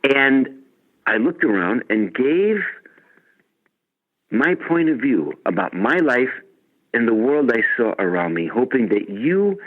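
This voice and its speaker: An older man from Chicago talks in a lively, swooping way, spinning playful stories as an interview guest. His voice comes through a tinny, narrow phone line. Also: mid-range voice, takes it slowly, pauses often. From Chicago, USA. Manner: animated, storytelling, playful. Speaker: musician guest. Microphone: telephone.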